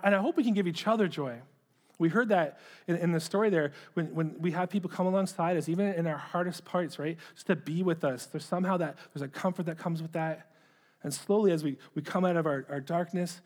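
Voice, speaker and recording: A man's voice: a little high, darkish tone. A middle-aged man preaching a sermon, earnest, often repeating words as he starts a phrase. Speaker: pastor.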